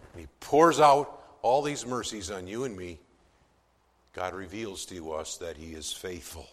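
A man preaching a sermon as pastor, swelling from soft to loud for emphasis, with some stammered restarts. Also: low voice, big-room sound.

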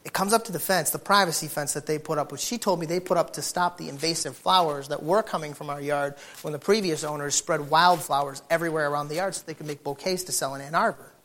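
A man preaching with humorous storytelling, acting out neighbors and dogs in animated bursts. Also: on the high side, fast, hardly any pauses.

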